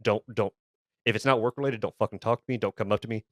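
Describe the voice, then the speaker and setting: A man with a lowish voice spins a casual story on a podcast, heated and full of swearing. He stumbles, restarts and repeats words as he gets going. The sound is close and dry, with no room around it. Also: fairly even intonation, fast, no room sound. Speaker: podcast co-host.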